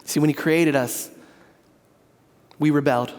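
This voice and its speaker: A man's voice: fairly high pitch, fairly even intonation, unhurried, darkish tone, long reverb tail. A man preaching a sermon as pastor, earnest and conversational with asides to the congregation. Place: church sanctuary.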